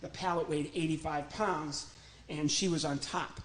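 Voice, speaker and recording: A man's voice: fairly high pitch, fairly even intonation, normal speed, very noisy. A man doing family stand-up comedy as a ventriloquist, chatty, playful and self-deprecating.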